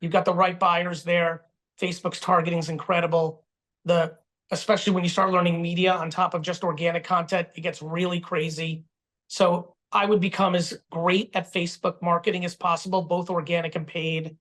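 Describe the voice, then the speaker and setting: A man's voice: high voice, little pitch movement, moderate pace, fairly bright tone. A man telling a business story with emphatic, profane energy over a video call. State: getting stitches while talking. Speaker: guest speaker answering questions.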